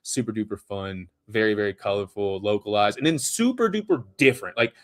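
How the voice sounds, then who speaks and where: A man's voice: on the low side, expressive, brisk. A man from Louisiana with a light Louisiana accent, talking animatedly in a casual live video chat, laughing often and slipping into playful voices.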